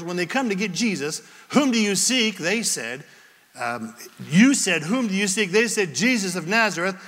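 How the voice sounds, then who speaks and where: A male pastor delivers a sermon in a high, bright voice that swings widely as he acts out the people in his story. The sound carries the long reverb of a church hall. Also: moderate pace. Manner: storytelling with lively acted-out quotes.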